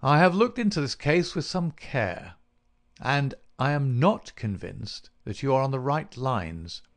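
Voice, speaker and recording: A man voicing a brisk, confident detective who speaks in an assured, emphatic way. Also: medium pitch, sing-song.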